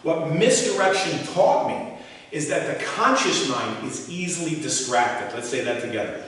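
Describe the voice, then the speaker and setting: A man in his sixties gives a motivational talk, questioning the audience and telling stories animatedly. His voice sits a little high for a man. It comes from far off in a big, echoey hall with a long reverb tail. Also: animated, moderate pace, a bit bright. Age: 60s. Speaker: motivational speaker.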